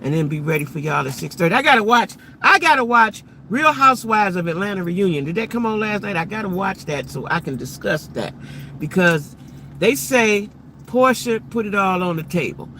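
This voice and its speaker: A middle-aged woman talks loosely and animatedly to her live-stream viewers while sitting in her car. Her voice has a gravelly fry and a bright, forceful edge. A faint hum of background noise runs underneath. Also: mid-range voice, expressive, normal speed. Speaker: livestream host. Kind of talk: casual live-stream chat.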